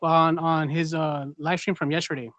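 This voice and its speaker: A man's voice: a little high, level tone, moderate pace, fairly bright tone, no room sound. A man chatting casually on a live stream, rambling with lots of fillers and laughing through his stories. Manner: rambling with many fillers and acted-out gasps. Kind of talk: casual chat.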